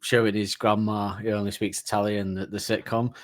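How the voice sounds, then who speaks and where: A man's voice: lowish voice, little pitch movement, a little fast, no echo, studio quality. A man, co-hosting a podcast and retelling sitcom scenes in a rambling, laughing way. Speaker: podcast co-host. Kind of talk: casual chat.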